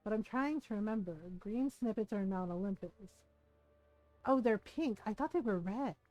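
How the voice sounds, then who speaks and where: A woman's voice: medium pitch, expressive, normal speed, warm tone, lo-fi sound, faint music behind. A woman from the United States, streaming a game while casually telling a family story, acting out quotes and laughing often.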